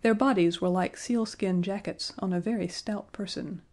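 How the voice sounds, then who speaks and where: A woman narrates a children's fairy tale with a gentle, measured delivery. Her voice is mellow and warm, with a middle pitch and an even, storytelling flow. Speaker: audiobook narrator.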